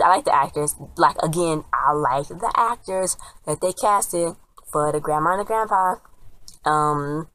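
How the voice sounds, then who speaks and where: A woman's voice: sits low, fairly bright tone, no echo, low-quality recording. A woman casually retelling a TV episode as a reviewer, rambling and chatty, and often quoting the characters. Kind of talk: casual spoken recap.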